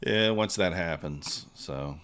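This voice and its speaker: A man with a low, deep voice talks casually on a live trading stream. He rambles, fills gaps with "uh" and "you know," and lets his thoughts trail off on a drawn-out "so.". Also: a bit bright, smooth. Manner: rambling, many fillers and trailing "so".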